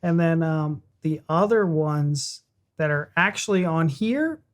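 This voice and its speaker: A man's voice: on the high side, lively intonation, slow pace. Laid-back joking American man. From United States. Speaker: reaction channel co-host. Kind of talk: casual reaction chat.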